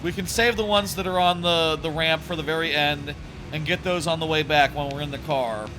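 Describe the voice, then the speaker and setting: A man's voice: a little high, fairly even intonation, fairly quick. A man streaming a video game, giving casual commentary and thinking aloud in a rambling way.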